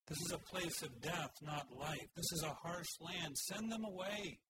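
A man's voice: fairly high pitch, unhurried, lightly acted. A man voicing anxious disciples, pleading in an urgent, worried way. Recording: hissy recording.

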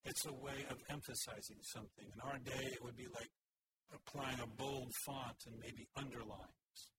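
A man's voice: medium pitch, steady tone, moderate pace. A man preaching an earnest, expository sermon. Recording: hissy recording.

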